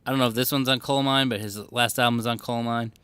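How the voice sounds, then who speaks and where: A man's voice: medium pitch, steady tone, fast talker, fairly bright tone, clear, resonant tone, dry recording. A young man co-hosting a casual podcast recorded in a record store, laid-back, swearing freely and often laughing. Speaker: podcast co-host. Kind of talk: casual chat.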